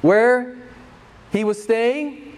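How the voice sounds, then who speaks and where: A man preaching a sermon, emphatic and conversational, pressing the congregation with repeated rhetorical questions. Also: very slow. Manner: emphatic, rhetorical questions, wide swings in pitch and loudness. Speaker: pastor.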